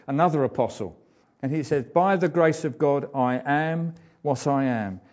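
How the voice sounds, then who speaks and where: A man preaching a sermon in a conversational, halting way, full of ums and uhs. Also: mid-range voice, darkish tone, muffled recording. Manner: hesitant, frequent ums and uhs; conversational, informal asides.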